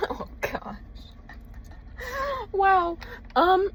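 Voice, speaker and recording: A woman's voice: on the high side, lively intonation, normal speed, a bit bright, a little hiss or hum, rough recording. A woman talking in a casual confessional vlog, emotional and rambling, swearing freely as she searches for words. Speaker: vlogger.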